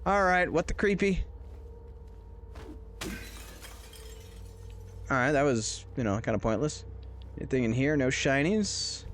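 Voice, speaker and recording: Streaming a horror game live, a man jokes and rambles while playing, chatting with his viewers in casual commentary. His medium-pitched voice has lively intonation, an unhurried pace, frequent pauses, and a slightly bright tone, with a little hiss or hum in the audio.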